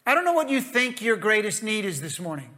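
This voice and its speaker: A middle-aged American man preaches with a high, bright, ringing voice. He repeats his phrases for emphasis and swings from loud exclamations down to hushed asides. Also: sing-song, fairly quick. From United States. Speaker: pastor. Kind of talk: sermon.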